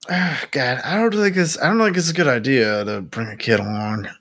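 A man playing a tabletop game, excitable, swearing and stumbling over his words. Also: mid-range voice, fairly quick. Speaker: player. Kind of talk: casual tabletop play.

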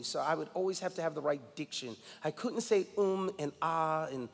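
A man's voice: on the high side, normal speed, creaky, in a large hall. A man in his forties from New York, a guest pastor preaching a sermon with emphatic personal storytelling. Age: 40s.

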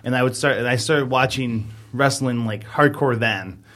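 A man's voice: medium pitch, moderate pace, fairly bright tone. A man in his thirties, a podcast co-host, telling a long rambling story in casual chat, full of fillers.

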